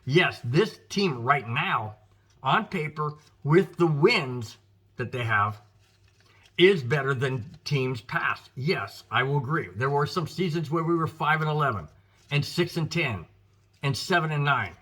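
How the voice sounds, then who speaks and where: Male American host, fired-up football rant, husky bright voice, a touch high. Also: lively intonation, measured pace. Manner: emphatic, frustrated, addresses viewers as guys. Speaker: sports podcast host. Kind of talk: opinionated football commentary.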